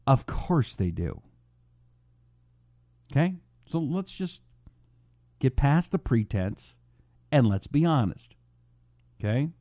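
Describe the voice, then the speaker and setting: Combative talk radio host, lively pitch. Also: male voice, slow, pauses often, dry recording, clean studio sound. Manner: combative, sarcastic, mocks critics in high put-on voices. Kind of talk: political talk radio monologue.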